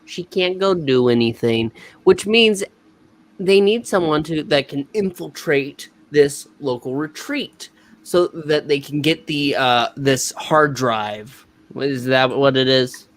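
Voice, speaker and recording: A man's voice: fairly high pitch, slow pace. Rambling male show reviewer. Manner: rambling, many fillers. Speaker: host. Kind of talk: casual TV episode review.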